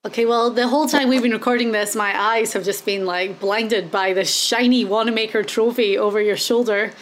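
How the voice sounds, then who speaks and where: A woman's voice: a little high, fairly even intonation, brisk. A woman co-hosting a podcast, chatting eagerly and laughing easily. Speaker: podcast co-host. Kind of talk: casual chat.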